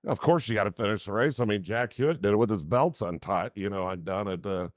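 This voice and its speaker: A male co-host with a lowish voice, close and dry on the mic. He spins folksy anecdotes, playing out each side of the conversation as he goes. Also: fast talker, no echo. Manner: folksy anecdote teller who acts out dialogue. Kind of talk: casual talk show chat.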